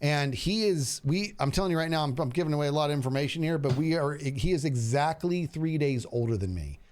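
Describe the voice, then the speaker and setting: A man in his forties telling stories in a relaxed casual chat, using "dude" and "bro" a lot. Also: on the high side, a little fast, slight background noise. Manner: animated storyteller, says "dude" a lot. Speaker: streamer.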